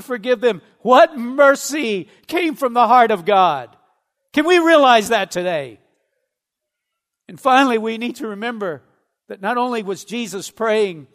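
A man preaching a sermon in a very high, light voice. He speaks slowly and earnestly and lingers on his words. A long reverb trails each phrase. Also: a bit bright. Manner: slow, earnest preaching with dramatic pauses. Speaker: pastor.

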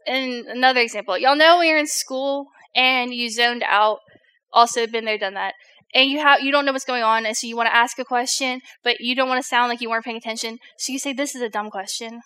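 A woman's voice: sits high, pushed and bright, clean tone. A young woman giving a casual, chatty sermon to a youth group, full of fillers and jokes aimed at her listeners.

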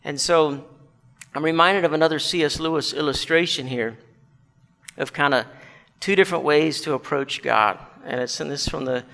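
Man preaching, earnest, questioning, bright edge, echoing hall. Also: a little high, moderate pace, creaky. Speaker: pastor. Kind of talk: sermon. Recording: long hall reverb.

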